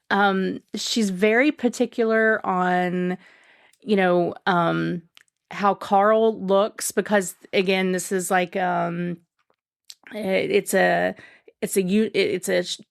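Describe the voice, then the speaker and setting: A woman guest on a podcast, chatting casually and enthusiastically, rambling with lots of fillers and restarts. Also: medium pitch.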